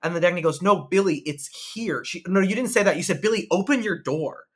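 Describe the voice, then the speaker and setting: A man's voice: high voice, brisk, breathy edge. A young man co-hosting a podcast, a stand-up comic who tells self-deprecating stories in a casual, joking way. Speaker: podcast co-host, stand-up comedian. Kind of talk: casual chat.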